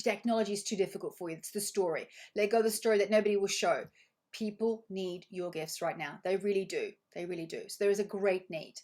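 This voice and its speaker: A woman leads a live online training in an effusive, encouraging manner, with a voice of ordinary pitch. She reads participants' comments aloud and praises them. She repeats her key phrases for emphasis. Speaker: money coach.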